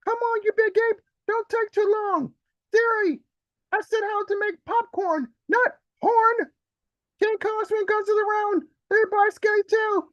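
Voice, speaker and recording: A man performing comic poetry as a panicky male bystander, with shrill, frantic exclamations over a video call. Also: steady tone, measured pace, fairly bright tone, no room sound, highs cut off. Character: panicky adult male bystander watching monster chaos. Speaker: open mic poet.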